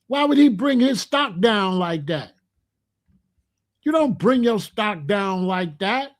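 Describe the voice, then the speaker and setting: A man's voice: high-pitched, animated, slow pace. A man giving opinionated commentary in a vlog, talking emphatically, repeating himself and using slang. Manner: emphatic, repetitive, slangy, preachy. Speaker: rap commentator.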